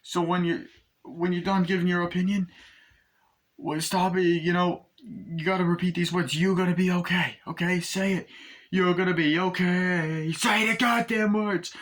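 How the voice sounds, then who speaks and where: A man's voice: high-pitched, level tone, moderate pace, long pauses, pitched above the performer's own voice. A man voicing a tough middle-aged gangster who keeps insisting to a wounded partner that he will be okay. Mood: insistent. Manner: insistent, repeating itself.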